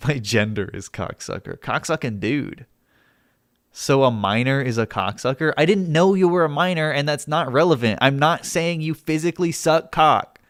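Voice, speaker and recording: Male streamer in a heated back-and-forth with chat, exasperated and foul-mouthed, higher-pitched voice, dry close sound. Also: moderate pace, a bit bright, no echo. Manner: heated, exasperated, argumentative, swears a lot. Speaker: livestreamer. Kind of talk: live stream chat argument.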